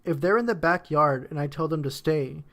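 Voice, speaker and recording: A man co-hosting a podcast, telling a story in a relaxed, slightly defensive way. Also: on the high side, brisk. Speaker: podcast co-host. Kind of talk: casual chat.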